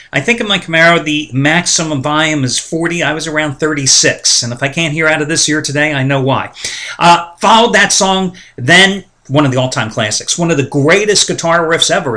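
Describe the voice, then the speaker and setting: A man's voice: fairly high pitch, pushed and bright. A man hosting a sports betting site's daily talk, ranting casually and with strong opinions. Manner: chatty, opinionated ranting with asides. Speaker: sports betting site host. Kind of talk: casual monologue.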